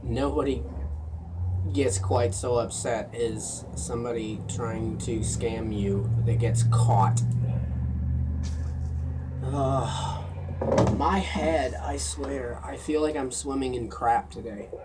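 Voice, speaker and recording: A man's voice: mid-range voice, takes it slowly, far from the mic, heavy background noise. A man working a gas station shift, talking to himself in a weary, rambling video diary, feeling run down. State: tired and run down.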